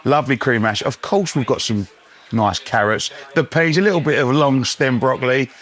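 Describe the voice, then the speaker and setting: A man's voice: mid-range voice, moderate pace. A man, chatting cheekily as a guest over dinner in a pub. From England. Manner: cheeky, loud banter with laughs. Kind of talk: casual chat. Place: pub dining room.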